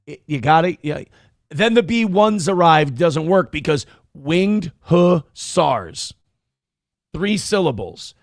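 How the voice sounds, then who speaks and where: A man hosting a morning livestream show, reading donations in loud, crude, fast banter. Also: a little high, lively intonation, no room sound, clean studio sound.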